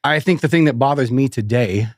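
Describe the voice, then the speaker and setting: A middle-aged man, a bassist co-hosting a podcast, chatting in a dry, grumbling way and swearing when he vents. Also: fairly quick, no echo. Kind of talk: casual chat.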